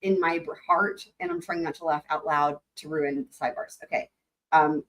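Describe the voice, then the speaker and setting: A woman's voice: lowish voice, moderate pace, low-quality recording. A young woman hosting a live stream, chatting casually and giggling while she talks herself through setting up. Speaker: livestream host.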